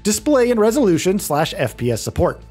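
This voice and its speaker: Husky man reading a tech script. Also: a little fast. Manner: lively read, often dropping pitch at clause ends. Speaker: video narrator. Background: faint background music.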